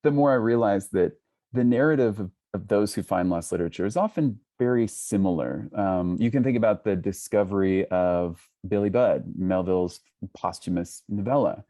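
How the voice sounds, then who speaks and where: A man talking as a guest scholar on a video call, thoughtful and hesitant, with frequent restarts and soft laughs. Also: on the low side, moderate pace. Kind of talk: casual conversation on a video call.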